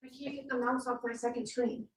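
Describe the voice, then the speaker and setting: Speaking a little fast in a slightly rough, somewhat high voice with a steady tone, this middle-aged skincare formulator runs a relaxed live show from her home office. She's chatty and quickly flustered as she addresses her viewers head-on.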